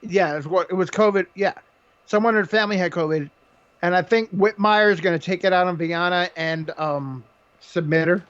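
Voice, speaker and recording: A man's voice: high voice, a bit bright, lo-fi sound. A man co-hosting a casual podcast, joking and laughing while he runs through fight picks. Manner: joking, laughs often, quick banter. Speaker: podcast co-host.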